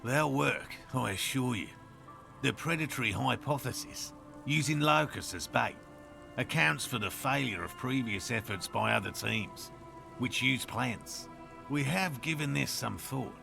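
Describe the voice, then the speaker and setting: A man with an Australian accent voicing a careful scientist in a video game, speaking in a measured, precise way. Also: mid-range voice, expressive, gravelly, over music. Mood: assured. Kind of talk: game voice acting.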